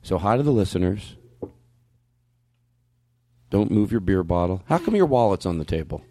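A man's voice: low voice, sing-song, warm tone. A man hosting a comedy podcast, rambling and joking with a loose, swearing delivery. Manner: rambling, jokey, swearing, quick laughs. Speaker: podcast host.

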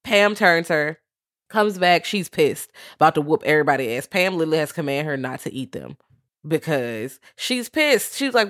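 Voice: mid-range voice, very animated, moderate pace, a bit bright, no echo. Blunt co-host on a dry mic. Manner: blunt, slangy, swears, quotes characters. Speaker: podcast co-host. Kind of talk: casual chat recapping a TV series.

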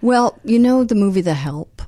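A woman's voice: mid-range voice, lively intonation, moderate pace, warm tone, no room sound. An older woman, a podcast guest, telling stories in a playful way and now and then slipping into mock British accents. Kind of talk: casual podcast chat.

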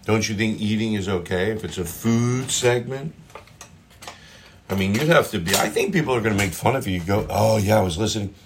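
Middle-aged male comic, very low voice, loose rambling kitchen chat with the odd swear, phone mic on the counter. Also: fairly quick, a little hiss or hum. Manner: rambling, self-interrupting, with mild swearing. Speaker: comedian hosting his own show. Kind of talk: casual chat while cooking and eating. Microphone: phone propped up nearby.

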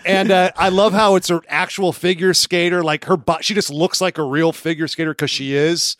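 High-voiced enthusiastic man joking. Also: fairly even intonation, normal speed, fairly bright tone, dry recording. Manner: enthusiastic, crude jokes. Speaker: podcast co-host. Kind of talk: casual comedic chat.

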